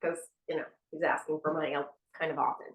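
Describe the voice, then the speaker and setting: A woman hosting a podcast, telling stories in a casual, animated way and acting out the dialogue. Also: sits low, fast talker, narrow, tinny audio. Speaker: podcast host. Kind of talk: casual storytelling. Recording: roomy sound from a distant mic.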